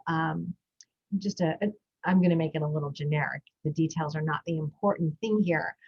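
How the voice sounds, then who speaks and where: A middle-aged parenting coach with a lowish, darkish voice reflects on her own family life in storytelling fashion on a podcast that includes a guided breathing moment. The audio sounds dull.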